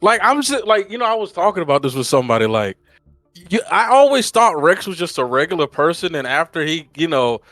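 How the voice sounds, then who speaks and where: A man co-hosting a TV review podcast, talking in an expressive, exasperated way with swearing. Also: on the high side, a little fast, no echo, soft background music. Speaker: podcast co-host. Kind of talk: casual review chat.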